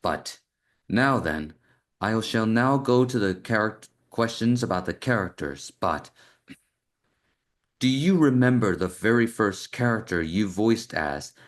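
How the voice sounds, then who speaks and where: A man hosting an interview, asking questions in an earnest, halting way with restarts. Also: on the low side, expressive. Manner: earnest, halting, repeats words. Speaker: interview host. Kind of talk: casual interview.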